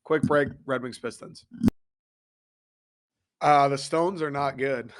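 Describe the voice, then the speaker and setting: A man's voice: medium pitch, fairly even intonation, takes it slowly. A young man in his twenties hosting a casual sports podcast, ranting, swearing and laughing as he goes. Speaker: podcast host.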